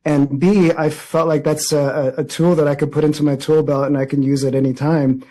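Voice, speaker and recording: Earnest reflective man, slightly high voice. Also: flat delivery, a little fast, dark tone, poor audio. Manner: earnest, reflective, many restarts. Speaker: interviewee, actor. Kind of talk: press junket interview.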